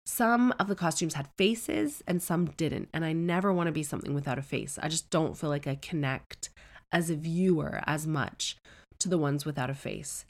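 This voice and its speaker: A woman's voice: sits low, normal speed. A woman in her thirties telling a chatty, self-deprecating personal story full of comic digressions. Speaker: celebrity storyteller.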